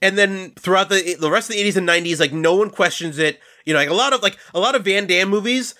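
A man's voice: high-pitched, animated, fast talker, hardly any pauses, sharp tone. A man hosting a casual movie podcast, telling stories and speaking to the listeners. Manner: storytelling, addresses listeners. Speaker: podcast host.

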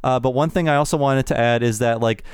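Male podcast guest, mid pitch, smooth and clear, dry sound, eager explainer. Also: fast, a little mellow, no room sound. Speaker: podcast co-host. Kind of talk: casual chat.

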